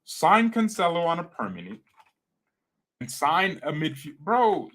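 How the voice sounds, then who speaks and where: A man's voice: fairly high pitch, unhurried. A man hosting a fan channel in casual, rambling live-stream chat, joking around and slipping into playful put-on accents. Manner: chatty and excitable, addresses viewers as guys and bro.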